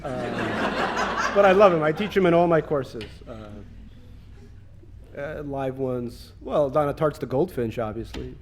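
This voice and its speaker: A man's voice: medium pitch, animated, measured pace, a little hiss or hum. A man from Russia, an author talking onstage at a reading and taking audience questions, self-mocking and joking. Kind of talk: onstage conversation and Q&A. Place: stage in an event hall.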